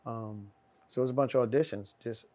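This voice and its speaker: A middle-aged man telling a story in casual chat, acting out the voices of the people in it and swinging loud and high. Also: brisk. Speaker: guest.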